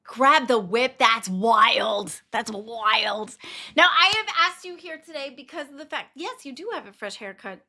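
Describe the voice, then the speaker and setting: Bright, high-voiced woman streamer swearing freely. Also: expressive, measured pace. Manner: blunt, swears freely, laughs often. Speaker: stream host. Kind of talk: casual livestream chat.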